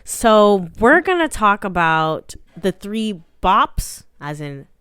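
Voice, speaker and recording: A young woman co-hosting a podcast in casual chat, slangy and relaxed. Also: medium pitch, takes it slowly, clear, resonant tone, dry recording, studio quality. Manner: slangy, relaxed, says "bruh" and "bro". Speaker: podcast co-host.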